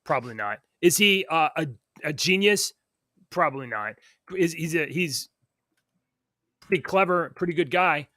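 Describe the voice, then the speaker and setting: Bright, higher-voiced man cracking jokes. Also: lively intonation, no room sound, clean studio sound. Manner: joking, quick to laugh, reads news aloud. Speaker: co-host. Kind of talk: casual morning show chat.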